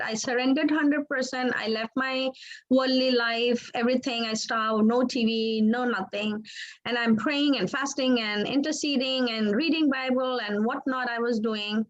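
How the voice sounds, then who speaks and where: A woman recounts a personal testimony in a high voice. She speaks earnestly, stopping and restarting her words. The audio sounds dull and muffled. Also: normal speed. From Pakistan. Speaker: interview guest, author.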